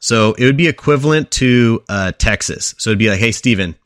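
Male podcast co-host, mid-pitched, dry close mic, casual storyteller who quizzes the table. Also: a little fast, no room sound. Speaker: podcast co-host presenting a history segment.

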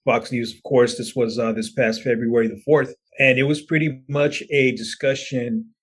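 A man's voice: mid-range voice, husky. A man co-hosting a podcast, casually relaying news and giving his take, with many "you know"s and "pretty much"es. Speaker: podcast co-host.

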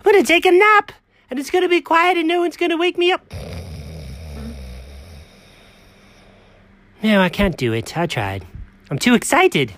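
A performer voicing an excitable, chatty male house cat who frets aloud and bursts into dramatic outcries, in a one-person comedic audio story. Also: very high voice, a little fast, pitched above the performer's own voice, exaggerated voice. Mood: fidgety. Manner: talks to himself, frets, dramatic outbursts.

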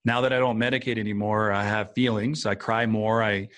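A man's voice: fairly low pitch, fairly even intonation, a little fast, fairly bright tone, dry recording. A man talking casually and earnestly about feelings, reflective and rambling with many fillers. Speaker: podcast guest or co-host, author. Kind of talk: casual conversation.

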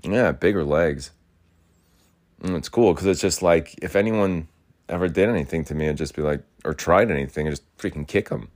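At a moderate pace and with a darkish tone, a young man with a deep, low voice delivers a loose, rambling rant as a podcast host. He curses frequently and repeats the same gripes, going in and out of his rural house as he talks.

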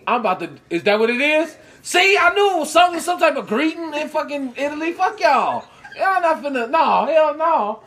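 A young man cohosting a casual comedic chat, ranting loudly with lots of profanity and laughter. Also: very high-pitched, very animated, moderate pace. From United States. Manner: loud, profane, laughing rants. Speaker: podcast co-host.

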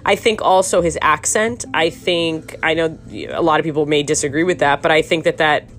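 A woman's voice: deep voice, fairly even intonation, normal speed, a bit bright, soft background music. A woman hosting a podcast, giving casual, sarcastic true-crime commentary that rambles with restarts and breaks into laughter. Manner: laughs often while talking. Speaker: podcast host.

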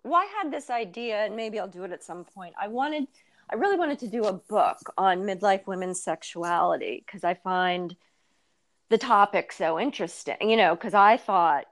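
A woman's voice: mid-range voice, expressive, normal speed. A woman in her fifties, a writer being interviewed, talking candidly and thoughtfully with many fillers and restarts. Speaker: guest, writer and blogger. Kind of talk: casual interview conversation.

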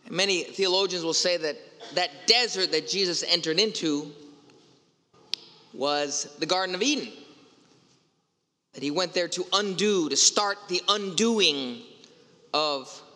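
A pastor preaches a Sunday homily in a conversational, storytelling manner, slipping in playful asides. His voice sits a little high and sounds bright and forceful, carried by the long reverb of a church hall. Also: a little slow, pauses often.

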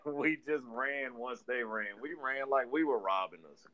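A young man from Detroit telling a neighborhood story on a casual podcast. His pitch sits in a middle range, and he laughs often and acts out the other people's lines as he goes. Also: unhurried, sharp tone. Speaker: podcast co-host.

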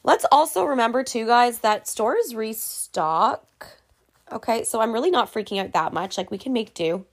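A woman's voice: on the high side, lively intonation, moderate pace. A young woman casually ranting to camera in a vlog, profane and exasperated. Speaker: vlogger.

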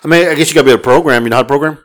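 A man's voice: fairly high pitch, rapid-fire. A man co-hosting a podcast in casual chat, ranting with heavy profanity. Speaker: podcast co-host.

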